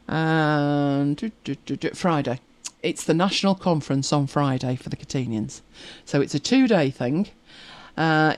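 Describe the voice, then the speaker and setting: A woman's voice: sits low, darkish tone, dry recording. A woman hosting a casual live chat, rambling through stories and viewer comments with frequent laughs. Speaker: livestream host reading viewer comments.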